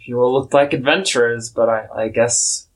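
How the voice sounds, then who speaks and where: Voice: mid-range voice, normal speed, lightly acted. A game master voicing a brash elf woman who serves as a pirate crew's navigator. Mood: sizing up.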